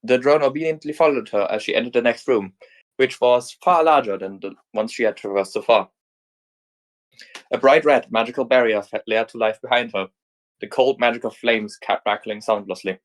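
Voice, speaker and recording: A man's voice: medium pitch, moderate pace. A man reading a fan story aloud in a casual narration, with small slips and restarts. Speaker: fanfic reader.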